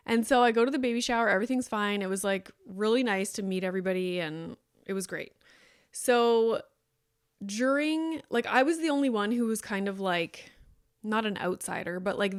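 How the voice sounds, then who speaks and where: A woman's voice: medium pitch, smooth, dry recording, studio quality. A woman in her thirties hosting a podcast, telling a rambling personal story in casual chat with lots of "like". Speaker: podcast host.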